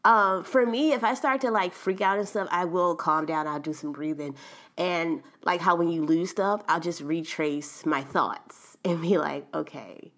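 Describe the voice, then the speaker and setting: A young adult woman hosting a podcast, telling a story in a chatty, animated way and laughing often. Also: on the low side, measured pace. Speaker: podcast host. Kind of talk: casual storytelling monologue.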